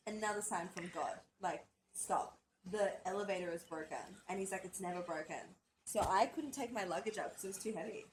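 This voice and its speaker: A woman's voice: medium pitch, brisk, a little hiss or hum, low-quality recording. A young woman from Australia co-hosting a podcast, telling a story in casual chat, swearing often and acting out quotes. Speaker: podcast co-host.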